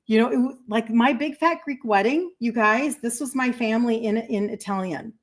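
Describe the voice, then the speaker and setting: A woman in her fifties hosts a casual livestream and tells a rambling personal story. Her voice sits fairly high, and she keeps pausing to thank viewers for their comments. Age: 50s. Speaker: health coach hosting a livestream.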